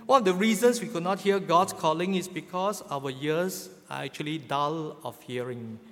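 A middle-aged man delivers a sermon as a pastor, his voice a little higher than most men's. He keeps posing rhetorical questions and tagging them with a chuckling "right?". The sound carries a long reverb, as in a large hall. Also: normal speed.

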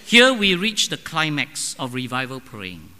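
A male preacher delivering a sermon in a slow, deliberate, emphatic way, often posing questions to his congregation. His voice is strikingly bright and swings widely in pitch, sitting a little high for a man. The sound carries the long reverb of a large church hall. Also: huge pitch swings.

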